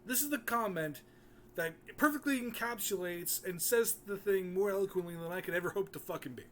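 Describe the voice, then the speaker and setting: A man's voice: sits high, a little fast, a little hiss or hum. A man giving an angry, profane rant in a video commentary, swearing constantly.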